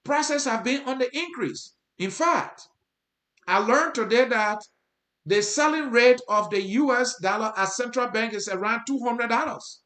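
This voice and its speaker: This male host's voice is very high and sharp in tone, delivered at a measured pace. He speaks with a Liberian accent, earnestly commenting for his viewers and restating points for emphasis, in a roomy space with noticeable echo.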